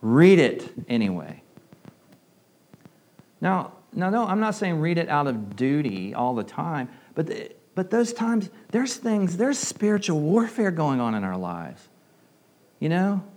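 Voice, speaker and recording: A man's voice: on the high side, big pitch swings, measured pace, a little mellow. Man preaching a conversational sermon. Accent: southern US. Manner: conversational preaching, repeats words, asks the audience questions. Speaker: pastor.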